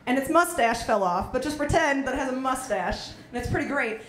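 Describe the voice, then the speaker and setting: A young woman in her twenties performing a stand-up comedy set, telling stories with quick voiced asides. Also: high voice, expressive. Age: young adult. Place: small college comedy venue. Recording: echoey room with faint noise.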